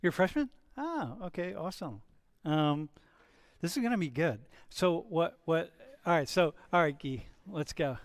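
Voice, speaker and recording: A man from Ohio lecturing a university class in a large hall, chatty and teasing, with quick restarts. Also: fairly high pitch, expressive. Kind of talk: casual classroom banter.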